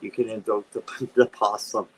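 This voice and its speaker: A man's voice: fairly low pitch, level tone, moderate pace, a little mellow, husky. A man hosting a live-stream tarot reading, chatty and given to dramatic squeals of disgust. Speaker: tarot reader, channel host.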